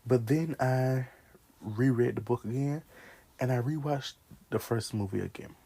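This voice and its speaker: A man in his twenties chatting casually in a vlog, animated, talking back to characters and laughing often. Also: mid-range voice, measured pace, vocal fry, slightly rough. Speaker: vlogger ranking favorite movies. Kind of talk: casual chat.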